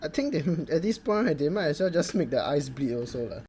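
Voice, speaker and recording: A man's voice: fairly high pitch, big pitch swings, fairly quick, heavy background noise. A young Singaporean man with a Singaporean accent, giving a sweary, mocking comedic review full of Singlish slang. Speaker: video reviewer.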